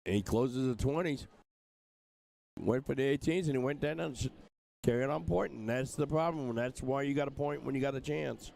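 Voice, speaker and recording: A man's voice: mid-range voice, moderate pace, gravelly, a little mellow. An older man from England commentating live on darts, in a chatty, joking way. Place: streaming booth at a dart tournament.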